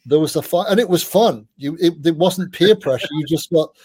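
A middle-aged man, a music journalist, telling rambling, animated anecdotes with casual swearing as an interview guest. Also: on the high side, fairly quick, husky, dry recording.

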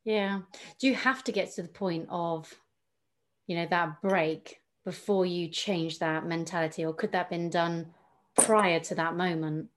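Softly probing female interviewer. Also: lowish voice, steady tone, measured pace. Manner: brief, probing questions and quiet backchannel. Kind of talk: interview questions.

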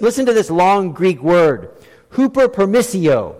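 A middle-aged man preaches a sermon, driving his points home by repeating phrases and moving between hushed lines and raised ones. His voice sits high for a man. The church sanctuary around him rings with a long reverb tail. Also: very animated, normal speed. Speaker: pastor.

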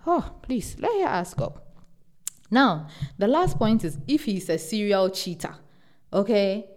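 A young woman hosting a podcast, giving casual relationship advice in an animated, emphatic way and repeating words for stress. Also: medium pitch, unhurried. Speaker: podcast host.

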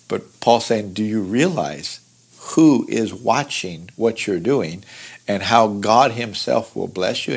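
A man teaching through a Bible passage in an earnest, conversational way, explaining verses with lively asides. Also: fairly low pitch, vocal fry. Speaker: pastor teaching Bible study.

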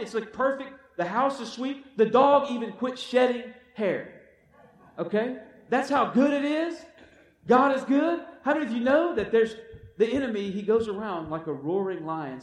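A man preaching a sermon, exhorting his listeners with repeated calls of "come on" and acting out the quotes he tells. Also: very high-pitched. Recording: echoey room from far off.

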